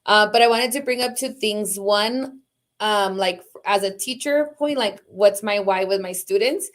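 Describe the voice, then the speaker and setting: A woman in her thirties from Socorro, a high school teacher and department chair, talking casually on a video call with lots of fillers. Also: unhurried. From Socorro, Texas. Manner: chatty, many fillers like "like" and "um".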